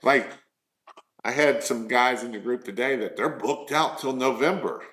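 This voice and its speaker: A man's voice: mid-range voice, normal speed, fairly bright tone. A man coaching small business owners in a live stream, earnest and repetitive, firing off rhetorical questions.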